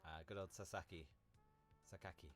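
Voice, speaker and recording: A man's voice: sits low, steady tone, moderate pace, faint music behind. Chatty man streaming a game. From Britain. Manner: rambling, chatty, laughs easily. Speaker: live streamer. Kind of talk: casual game stream chat.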